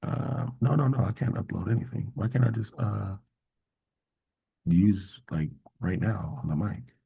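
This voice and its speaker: A man hosting a casual coding workshop, thinking aloud in a halting way with many fillers and mild exasperation. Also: on the low side, vocal fry, dark tone, slightly rough. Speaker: workshop host. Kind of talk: casual screen-share coding walkthrough.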